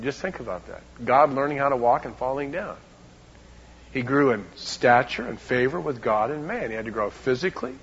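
A man preaching a sermon as a pastor, emphatic, swinging between loud and hushed, often repeating words. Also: mid-range voice, gravelly, muffled recording, a little hiss or hum.

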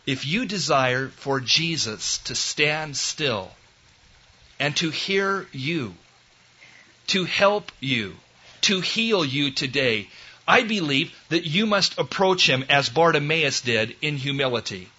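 A man's voice: fairly high pitch, expressive, takes it slowly, pushed and bright, slightly rough. A man preaching a sermon, emphatic, repeating key phrases and acting out quoted voices. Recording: dull lo-fi recording.

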